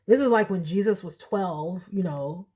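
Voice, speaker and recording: A young woman giving a casual pick-a-card tarot reading, chatty and animated, often laughing. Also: on the low side, moderate pace, husky. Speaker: tarot reader.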